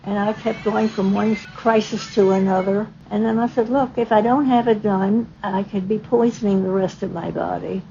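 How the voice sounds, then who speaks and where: A woman in her nineties from the American South, soft-spoken with a gentle Southern twang, talking reflectively in a recorded interview. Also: medium pitch, fairly even intonation, normal speed, creaky, few pauses. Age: 90s. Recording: dull lo-fi recording with faint noise.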